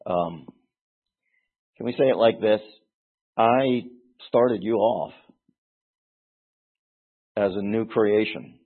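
Male Bible teacher, low husky voice, earnest and emphatic, tinny lo-fi recording. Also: slow pace, pauses often. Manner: earnest, explanatory, with frequent restarts and emphatic stresses.

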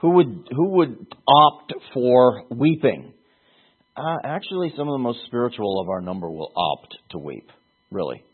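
A man teaching a Bible passage in a sermon, speaking haltingly and repeating words for emphasis. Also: mid-range voice, breathy edge. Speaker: preacher. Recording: tinny phone-like sound.

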